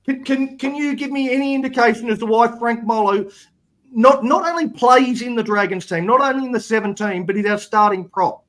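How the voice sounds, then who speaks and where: A man co-hosting a fan podcast, his voice sitting fairly high for a man. He rants bluntly and swears freely, worked up and annoyed at his team. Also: brisk, fairly bright tone. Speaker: podcast co-host. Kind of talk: casual fan panel chat.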